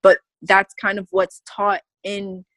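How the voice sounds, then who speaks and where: Animated, goofy woman talking casually. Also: medium pitch, slow pace, dry recording. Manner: emphatic and goofy, breaks into laughter. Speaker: podcast guest. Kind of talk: casual conversation.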